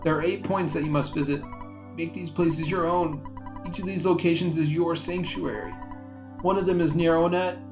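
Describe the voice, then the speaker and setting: A man's voice: a little high, steady tone, normal speed, music in the background, close to an everyday voice. A man voicing a dying alien bee from the future in a game, speaking weakly and solemnly. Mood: solemn, fading. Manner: weak, fading, solemn.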